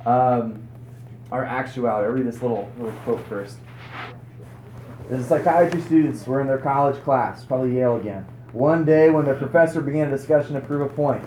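A man's voice: medium pitch, brisk, a little hiss or hum. Man preaching in an echoey hall. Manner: animated storytelling with rhetorical questions. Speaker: conference speaker. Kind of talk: sermon. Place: conference hall. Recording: roomy hall echo.

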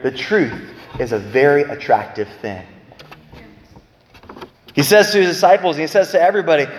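A man giving a preaching-style Bible talk, emphatic, swinging between loud bursts and quiet low lines. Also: moderate pace, pauses often. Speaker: Bible teacher. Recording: echoey hall with long reverb.

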